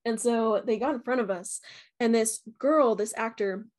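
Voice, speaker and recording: Chatty young woman, slightly high voice. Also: moderate pace, darkish tone. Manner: chatty, many "um" and "like", acts out quotes with voices. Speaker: vlogger reviewing a haunted house. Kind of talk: casual storytelling review.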